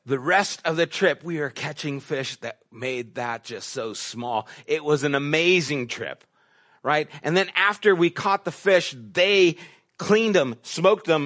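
A middle-aged pastor delivers a sermon in a slightly raised, light male voice. He tells stories easily, dropping into quiet asides and then climbing into emphatic, rising questions. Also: a little high. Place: church sanctuary.

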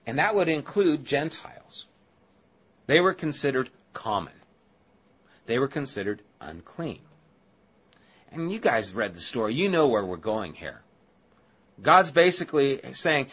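A man's voice: mid-range voice, sing-song, measured pace, pauses often, a bit bright, breathy edge. Casual-sounding male pastor, dull lo-fi audio. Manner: casual and chatty, with asides to the listeners. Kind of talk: conversational Bible-study sermon.

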